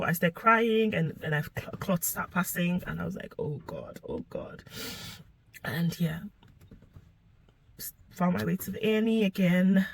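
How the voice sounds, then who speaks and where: A young woman telling a painful personal story to camera, emotional and halting, sometimes sinking to a whisper. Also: on the low side, slightly rough, no room sound, rough recording. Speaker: vlogger sharing her story.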